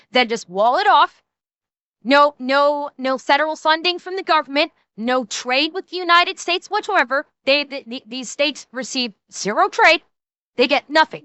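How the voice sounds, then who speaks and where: A woman's voice: high voice, sharp tone, dry recording. A woman streamer delivering a heated, profane political rant, stumbling over restarts and mocking the people she criticizes.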